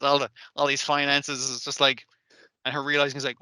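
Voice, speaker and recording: Bright, sweary podcast co-host. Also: male voice, medium pitch, fairly quick, dry recording. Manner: sweary, animated retelling with quoted voices. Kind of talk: casual chat. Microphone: remote call mic.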